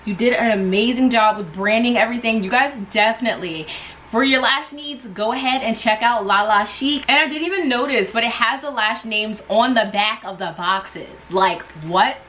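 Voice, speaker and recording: A woman vlogger excitedly unboxing products and gushing over each item. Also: a little high, normal speed, a little hiss or hum, low-quality recording. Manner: gushing, enthusiastic.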